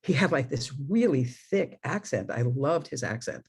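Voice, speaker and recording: A woman's voice: very deep voice, lively intonation, moderate pace, a little mellow, breathy edge. A middle-aged woman minister from New York giving a conversational sermon, telling stories with laughing asides. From New York, USA.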